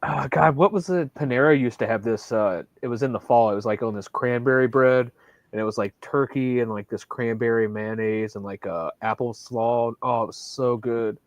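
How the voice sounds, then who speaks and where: An easygoing man talking as a guest on a livestream, relaxed and agreeable. His pitch is in the everyday male middle, and the recording is dry and close. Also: normal speed, dry recording. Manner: laid-back, easygoing, agreeable. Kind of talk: casual livestream chat.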